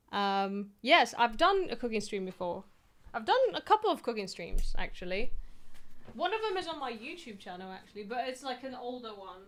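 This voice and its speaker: In a fairly bright, sing-song voice that sits on the high side, a young woman talks at a moderate pace with long pauses. She's a streamer in a small home office, rambling chattily and mocking herself during casual live-stream talk.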